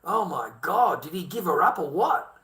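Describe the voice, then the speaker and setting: A man's voice: fairly high pitch, big pitch swings, moderate pace, sharp tone, poor audio. Profane ranting Australian man. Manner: profane, rambling, heated. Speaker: vlogger. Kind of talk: casual rant to camera.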